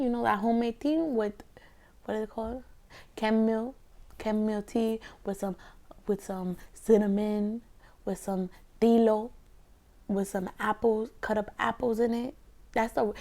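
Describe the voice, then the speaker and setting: A young adult woman talking casually while eating, sliding between soft speech and whispers, rambling through stories full of "like". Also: on the high side, gravelly. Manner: rambling storyteller, heavy filler 'like'. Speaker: ASMR mukbang creator.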